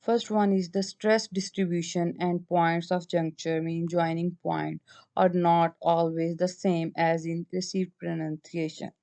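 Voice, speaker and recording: A woman with a Pakistani English accent giving a slide-based lecture, explaining each point with halting restarts. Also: on the low side, little pitch movement, creaky, dark tone.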